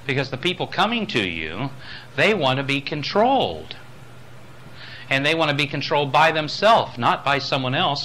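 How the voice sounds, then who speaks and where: A man teaching a lecture on voice and speaking, dropping low and soft, then rising loud to show his points. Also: slight background noise. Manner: demonstrates voices, swings between soft and loud. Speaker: spiritual voice teacher. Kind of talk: recorded lecture on voice.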